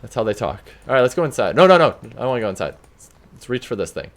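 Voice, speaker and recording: A man's voice: fairly low pitch, lively intonation, very fast, creaky. A man hosting a casual gameplay video, chatting and laughing as he plays. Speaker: let's play host.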